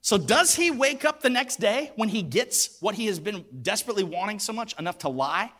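A man's voice: high-pitched, animated, brisk, a bit bright. A man preaching a sermon, retelling a story with acted voices and emphatic repetition. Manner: emphatic, repeats words for weight. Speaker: pastor.

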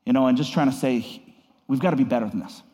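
A man at mid pitch delivers an earnest devotional message as a pastor. His words come in halting bursts full of fillers, then climb higher and louder on the key points. A long hall reverb trails every phrase.

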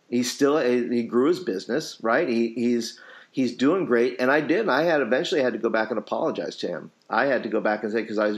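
A man in his late forties hosting a casual podcast conversation, talking earnestly with many restarts. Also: mid-range voice. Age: 40s. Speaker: podcast host, youth pastor.

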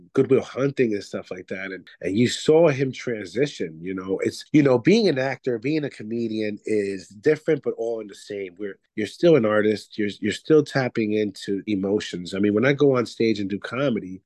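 A Puerto Rican actor and comedian chats loosely in a casual interview, his talk full of restarts and "you know." His voice is medium-pitched with a darkish tone, on a dry recording.

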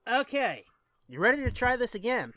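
Guy cohosting a podcast, bright voice, dry sound, cussing and goofing around. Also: extremely high pitch, big pitch swings, normal speed, no room sound. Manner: profane, joking, easily distracted. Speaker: podcast co-host. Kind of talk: casual chat.

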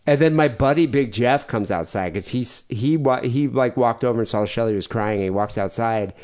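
A man's voice: medium pitch, normal speed, a little mellow. A man in his forties hosting a podcast, telling stories in casual chat and acting out the people he quotes. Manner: storytelling, acts out quoted people, laughs often. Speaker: podcast host.

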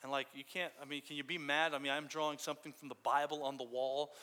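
A man's voice: a little high, level tone, fast, sharp tone. A man preaching a sermon in a casual, storytelling way. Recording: long hall reverb.

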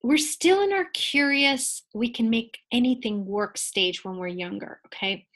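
A woman in her forties, a guest in a conversational interview, explaining ideas in a playful, animated way and laughing often. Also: fairly high pitch, unhurried.

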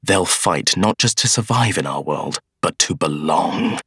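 A man voicing a cold, scheming young schoolmaster of Evil who speaks in a measured, persuasive way. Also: low-pitched, animated, fairly bright tone, husky, no room sound, clean studio sound, full character voice. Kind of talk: audiobook character voice.

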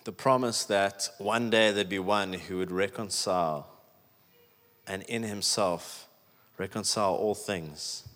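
A man's voice: sits low, a little slow, fairly bright tone. A man preaching a sermon in a chatty, emphatic way, with many "like"s. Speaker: pastor. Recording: echoey hall with long reverb.

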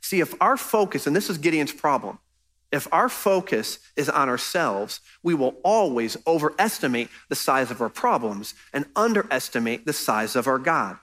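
A man's voice: on the high side, big pitch swings, normal speed, a bit bright. A man preaching a sermon as pastor, earnest and conversational, pressing his points with emphasis.

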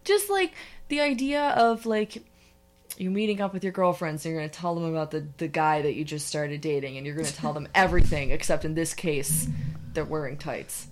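A woman's voice: sits low, brisk, slight background noise. A woman co-hosting a podcast in casual chat, bubbly and teasing. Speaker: podcast co-host.

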